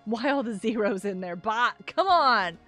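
A woman with a slightly high, somewhat bright voice speaks a little slowly, her intonation lively, with faint music behind her. She's the host of a casual gaming livestream, giggling often as she chats with viewers and reads out chat messages.

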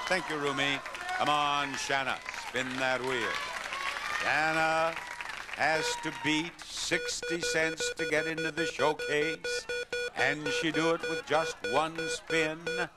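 A man's voice: fairly high pitch, very animated, takes it slowly, a loud crowd. An older man hosting a game show, emphatically calling out numbers and urging contestants on. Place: TV studio. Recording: TV studio with loud audience and music.

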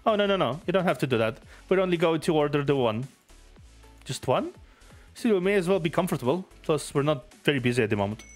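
A man's voice: fairly high pitch, lively intonation, quick pace, faint music behind, natural voice. A man voicing a kind, cheerful young ramen shop waitress who talks politely. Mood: friendly. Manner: friendly, polite.

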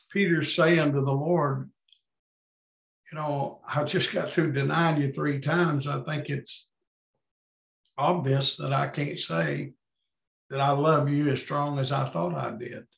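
A man's voice: medium pitch, vocal fry, echoey room. A man leading a Bible study over a video call, thinking aloud as he reads and paraphrases scripture.

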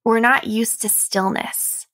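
A young adult woman hosting a reflective solo podcast as a coach, speaking softly and earnestly with light laughs. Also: on the high side, steady tone, slow pace.

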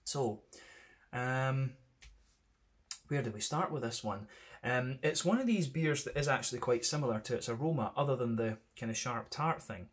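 A man's voice: mid-range voice, expressive, normal speed. A man with a Scottish accent reviewing beer in a casual, rambling monologue, full of "kind of" and "sort of" fillers.

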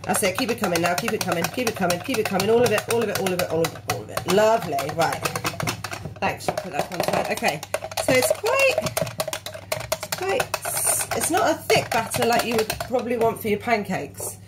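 Mum chatting through a recipe. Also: female voice, mid-range voice, animated, fast. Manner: chatty, instructive, coaxing a small child. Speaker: parent teaching a recipe. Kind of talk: casual cooking demonstration. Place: home kitchen. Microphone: phone camera held by hand. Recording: noisy home kitchen recording.

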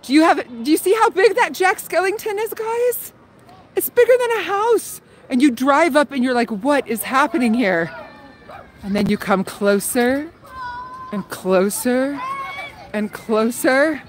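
A woman hosting a live walkthrough outdoors on a suburban street, excitedly exclaiming and talking to her viewers as she walks. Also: high voice, normal speed. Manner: excited, exclaiming, talks to viewers as "guys" and "dudes". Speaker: livestream host. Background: faint crowd of trick-or-treaters.

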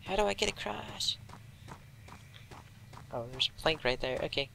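A man's voice: high-pitched, lively intonation, normal speed, gravelly, sharp tone, slight background noise, poor audio. A young man casually commentating a horror game, joking and muttering asides to himself. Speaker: gameplay commentator.

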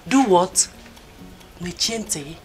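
A woman's voice: on the low side, lively intonation, takes it slowly, a little mellow, husky, full character voice. A Nigerian actress playing a caring woman who coaxes and reassures her upset friend, dropping Igbo words. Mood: reassuring. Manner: coaxing, reassuring, mixes in Igbo. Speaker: actor in a film. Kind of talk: Nollywood film acting. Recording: film audio with faint background music.

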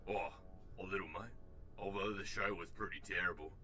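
A sardonic talking computer in a point-and-click game, a broad Australian accent and a rumbling, very low voice, ribbing its owner with crude slang. faint music hums beneath him. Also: male voice, moderate pace, bright, forceful tone. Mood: wry. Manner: crude, teasing, Aussie slang.

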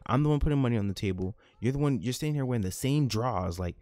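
A man's voice: medium pitch, expressive, rapid-fire, a little mellow, no echo, lightly acted. A man voicing a young adult woman, a fed-up single mother who lectures her partner in a game. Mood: scolding. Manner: exasperated, lecturing.

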